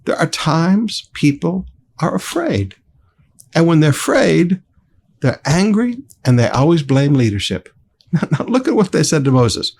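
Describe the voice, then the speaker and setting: A male pastor preaches with emphatic, rising and falling delivery, his voice lively and sweeping. There's a gravelly edge in his tone, and he sits a bit above the usual male pitch. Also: unhurried. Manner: emphatic preaching, addressing the congregation directly. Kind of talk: sermon.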